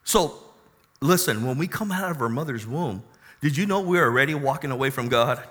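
A male pastor preaching a sermon who swings from quiet storytelling to loud, joyful exclamations. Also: medium pitch, lively intonation, fairly quick, in a large hall.

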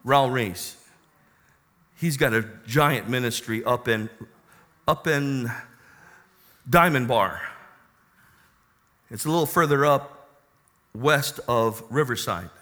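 A male pastor preaching a sermon who swings from quiet storytelling to loud, joyful exclamations. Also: mid-range voice, slow pace, long pauses, in a large hall.

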